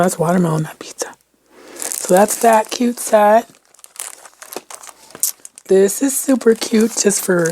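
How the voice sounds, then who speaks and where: A woman vlogger chatting through a shopping haul in a gushing, chatty way, sometimes dropping into soft whispers. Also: mid-range voice. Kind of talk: casual haul vlog chat.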